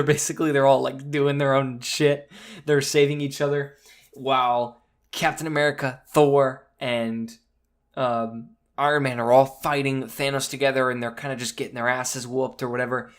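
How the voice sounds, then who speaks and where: An excitable young man hosts a podcast and gushes about a movie he loves. He swears freely, jumps between quick rushes and drawn-out stretches, and acts out the lines he quotes. His voice sits at an ordinary middle pitch for a man. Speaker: podcast host. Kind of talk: excited casual movie review monologue.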